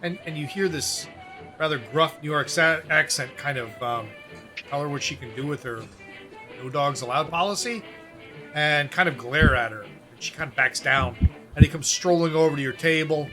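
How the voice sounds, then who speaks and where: A man narrating a tabletop game as game master in a relaxed, descriptive way. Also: a little high, normal speed, music in the background.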